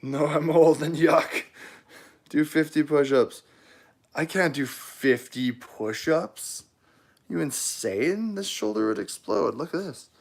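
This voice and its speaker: A man's voice: on the high side, takes it slowly, creaky. A man hosting a livestream of his knife-making shop, chatting easygoing and joking with viewers as he answers their comments. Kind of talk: casual live chat answering viewer comments.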